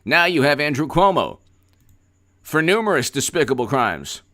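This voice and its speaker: A man's voice: fairly high pitch, big pitch swings, moderate pace, sharp tone. A man hosting a political commentary livestream, talking in a sarcastic, rambling way with stammered repeats.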